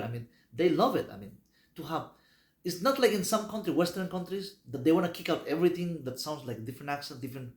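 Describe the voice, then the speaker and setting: Rambling man in an echoey room. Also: fairly high pitch. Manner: rambling, many restarts and fillers. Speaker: vlogger. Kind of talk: casual talk to camera.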